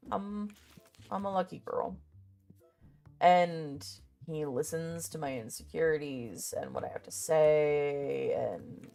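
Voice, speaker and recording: A young woman chats casually in a low, unhurried voice, sassy and quick to swear. She rambles and mutters to herself as she goes through a list, with faint music behind her. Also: vocal fry, warm tone. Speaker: vlogger. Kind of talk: casual chat.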